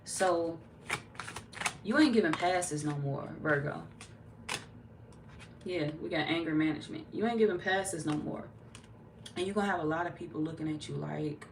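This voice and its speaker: Profane, animated woman tarot reader. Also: low voice, moderate pace, pauses often, distant mic, a little hiss or hum. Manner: blunt, profane, animated, slips into quoted voices. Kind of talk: casual tarot reading monologue.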